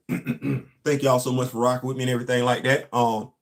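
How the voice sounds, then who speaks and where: A man's voice: medium pitch, flat delivery, normal speed. A man, a show host and former Marine, telling a long casual story and asking his listeners rhetorical questions.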